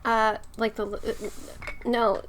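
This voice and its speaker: Giggly bright-voiced woman, self-conscious. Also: a little high, little pitch movement, extremely slow, a little hiss or hum. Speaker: podcast co-host. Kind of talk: casual podcast chat.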